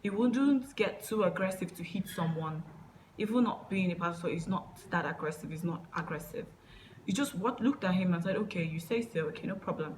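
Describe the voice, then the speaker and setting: Young adult woman, slightly low pitch, faint hiss, halting storytime vlog. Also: expressive, low-quality recording. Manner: halting, many fillers and restarts. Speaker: vlogger. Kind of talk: personal storytime monologue.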